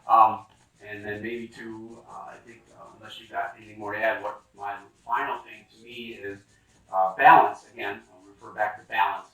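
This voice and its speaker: A man's voice: on the low side, steady tone, moderate pace, pushed and bright, distant mic. A man in his fifties, a musician talking casually and rambling with many fillers and restarts, recorded from away from the mic in a roomy space. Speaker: musician guest. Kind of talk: casual conversation.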